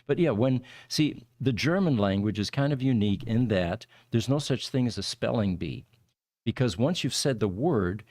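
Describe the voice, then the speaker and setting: A man's voice: medium pitch, lively intonation, moderate pace, a little mellow, no echo, studio quality. A man hosting a livestreamed podcast, chatting casually and rambling through explanations with many fillers. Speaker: podcast host.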